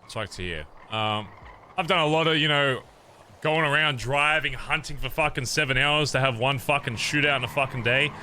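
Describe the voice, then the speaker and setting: A man's voice: medium pitch, normal speed, bright, forceful tone, slight background noise. A man talking in character as a biker club leader in an online role-play game, rambling and swearing freely as he lays out his plans. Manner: profane, rambling, fired-up pep talk.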